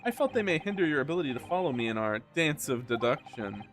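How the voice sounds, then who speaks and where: A man reading aloud the lines of a pompous, eccentric gentleman detective in a game, in a grandiose, theatrical manner. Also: on the high side, big pitch swings, fast talker, faint music behind.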